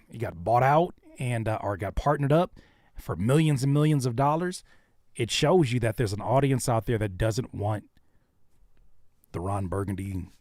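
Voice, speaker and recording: A man's voice: medium pitch, darkish tone, no echo, clean studio sound. A man hosting a live stream, chatting casually and talking straight to his viewers. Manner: laid-back, talks to chat directly. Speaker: host.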